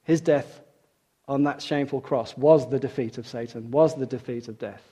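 A man preaching a sermon, retelling stories with dramatic shifts between loud outbursts and hushed lines. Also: medium pitch, normal speed, breathy edge. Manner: dramatic storytelling, acting out quoted voices.

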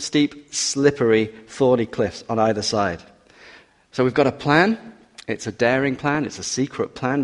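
A man's voice: medium pitch, in a large hall. A man preaching an expository sermon, walking through a passage verse by verse with teasing asides and emphatic urging.

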